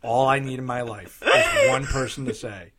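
A man hosting a casual film chat, talking in an animated, playful way. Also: moderate pace, over a noisy crowd. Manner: animated, playful, swoops in pitch. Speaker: podcast host.

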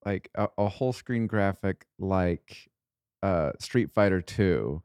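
A man's voice: sits low, lively intonation, takes it slowly, a little mellow, clean tone, no echo, studio quality. A man co-hosting a comedy podcast, gushing with loose filler-heavy talk. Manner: enthusiastic, uses filler "like" a lot. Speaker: podcast co-host. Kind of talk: casual comedy chat.

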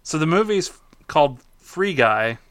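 A man co-hosting a casual podcast with a bright, edgy tone and a lively, bouncing pitch. He talks bluntly, with crude jokes and slow drawn-out phrasing. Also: clear, resonant tone, no echo. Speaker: podcast co-host. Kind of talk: casual chat.

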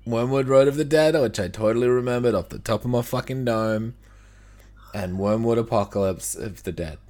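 A man's voice: medium pitch, moderate pace, darkish tone. A man co-hosting a casual podcast who jokes, teases his co-host and swears freely. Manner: joking, teasing, swears freely.

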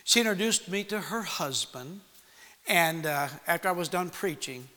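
A man preaching, telling a personal story to young people in an animated way and acting out the voices in it. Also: sits high, normal speed. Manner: animated storytelling with acted-out quotes. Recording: long hall reverb.

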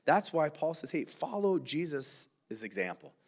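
A man's voice: fairly high pitch, big pitch swings, unhurried, creaky, a little mellow, husky. A male pastor giving a verse-by-verse sermon, earnest and conversational, often saying "man" and asking "right?".

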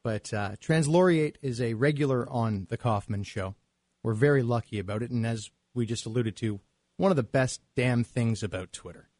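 A man's voice: mid-range voice, moderate pace, darkish tone, no echo, studio quality. A man hosting a late-night radio show, joking and laughing often as he chats. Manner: jokey, laughs often, reads out tweets. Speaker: radio host.

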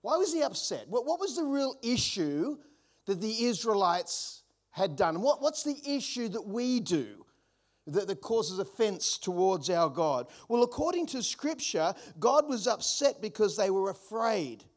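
A man's voice: sits high, sing-song, a little slow. A man preaching a sermon as pastor, earnest, often repeating words and building up emphasis.

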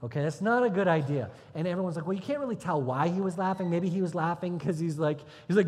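A man preaching a conversational sermon as pastor, lively and acting out quoted voices. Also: high-pitched, fast talker, few pauses, long reverb tail.

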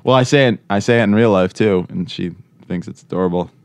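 A man's voice: lowish voice, fast, darkish tone, no room sound. A man co-hosting a podcast in casual chat, joking, laughing often and acting out quotes. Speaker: podcast co-host.

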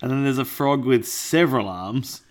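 A man's voice: mid-range voice, normal speed. A man co-hosting a casual comedy podcast, sardonic and swearing casually. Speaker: podcast co-host. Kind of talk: casual comedic chat reading a comic.

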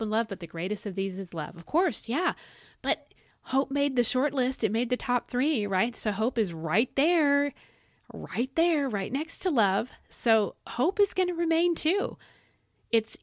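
A woman hosting a devotional podcast, earnest and encouraging, asking listeners direct questions and swinging from bright emphatic highs to soft low asides, her voice a little dry and cracking from thirst. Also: no room sound. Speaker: podcast host.

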